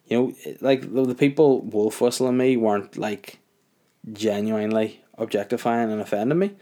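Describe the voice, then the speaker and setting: A young man telling a story in a casual, animated rant, incredulous and full of fillers. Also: fairly low pitch, moderate pace.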